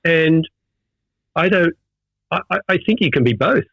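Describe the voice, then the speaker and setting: Gravelly, middle-aged Australian man, animated storyteller, dry dull audio. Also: on the high side, measured pace, no room sound. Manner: animated storyteller, many restarts. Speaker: firefighter guest. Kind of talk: casual interview chat.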